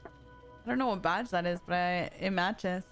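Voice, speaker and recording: A woman's voice: on the low side, unhurried. Chatty young woman streamer over music. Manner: chatty, switches between English and Spanish; laughs easily, talks back to chat. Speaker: game streamer. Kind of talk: casual live-stream chat while gaming. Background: background music.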